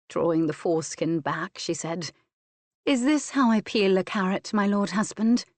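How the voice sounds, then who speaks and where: A woman reads a historical romance audiobook, slow and intimate. Her voice sits low for a woman and the close microphone sound is dry, with no room around it. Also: darkish tone, no echo. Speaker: audiobook narrator. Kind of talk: scripted narration of a historical romance.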